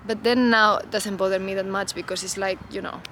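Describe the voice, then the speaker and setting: Woman, unscripted to-camera talk, loose reflective rambling, outdoors, clear passing-vehicle noise. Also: mid-range voice, fairly even intonation, fairly quick, fairly bright tone, poor audio. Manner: reflective, loose, heavy on "you know" and "like" fillers. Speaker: vlogger.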